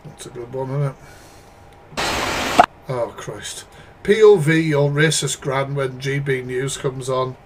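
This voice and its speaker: A man's voice: mid-range voice, slow, long pauses, heavy background noise. A British man reacting live to clips, talking bluntly and swearing with exasperated asides to his chat. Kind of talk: casual live commentary.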